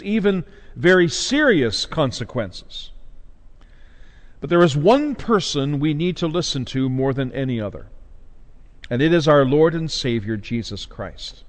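A man preaching a sermon in a measured way, with dramatic pauses and big swings of pitch. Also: big-room sound. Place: church.

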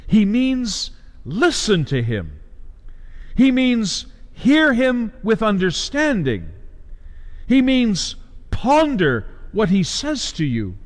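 A man preaching a sermon, emphatic and deliberate, posing questions to his listeners. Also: high voice, wildly swooping pitch, in a large hall.

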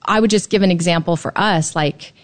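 Woman guest, slightly lower voice, lively and eager to explain. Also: brisk. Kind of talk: casual chat.

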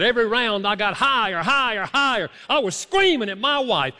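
A man preaching a sermon as a pastor, telling stories with animated, emphatic rises. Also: high voice, fairly quick, hardly any pauses. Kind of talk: sermon on apology. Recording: long hall reverb.

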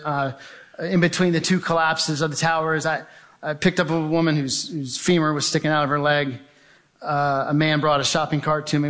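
A man giving a spoken testimony, telling a vivid story and acting out what people said. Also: fairly high pitch. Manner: vivid storytelling, acts out shouts and quoted voices. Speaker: speaker sharing a testimony.

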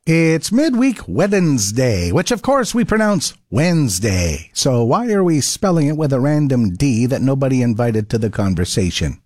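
A man's voice: mid-range voice, animated, moderate pace, hardly any pauses, a little mellow, no room sound, studio quality. A man with a Canadian accent delivering a wry, playful scripted radio segment. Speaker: radio host.

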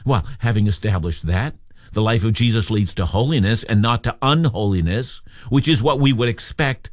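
A man's voice: on the low side, normal speed, dry recording, studio quality. A man preaching an expository sermon, emphatic and earnest as he explains a scripture passage. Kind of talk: sermon on a radio Bible program.

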